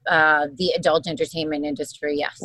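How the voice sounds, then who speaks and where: A woman's voice: low voice, little pitch movement, sharp tone, dry recording. A middle-aged woman from Wisconsin with a mixed New York and Jersey accent, a brassy guest chatting and laughing. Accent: New York-New Jersey mix. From Wisconsin, USA. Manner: brassy, laughing, quick asides. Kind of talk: casual podcast chat.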